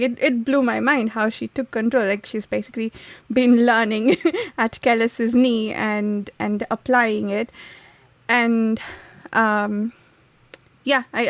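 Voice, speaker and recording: A woman's voice: on the high side, no echo. Chatty woman hosting a book podcast. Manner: chatty, laughs often, searches for words. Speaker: podcast host. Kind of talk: casual book discussion.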